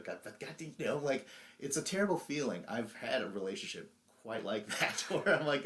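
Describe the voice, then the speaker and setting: A man's voice: lowish voice, expressive, fairly quick, fairly bright tone. A young man co-hosting a podcast, animatedly retelling a reality show episode, acting out the lines and laughing often. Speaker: podcast co-host. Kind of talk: casual recap chat.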